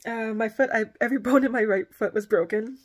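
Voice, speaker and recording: A woman's voice: fairly high pitch, fast talker, husky. Woman vlogger, casual rambling storyteller, filler-heavy delivery.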